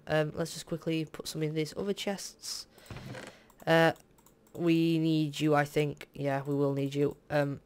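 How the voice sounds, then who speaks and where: A man's voice: on the high side, gravelly, clear, resonant tone. A young man doing casual, rambling gameplay commentary as a Let's Play host. He is tired, fills the talk with "um"s, and drifts into candid asides. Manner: rambling and hesitant, full of fillers, candid asides. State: tired, yawning.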